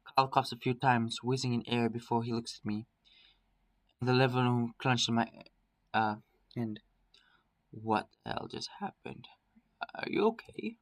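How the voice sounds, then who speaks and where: A man's voice: mid-range voice, poor audio. A man reading a visual novel aloud in a dramatic first-person storytelling manner. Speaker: narrator.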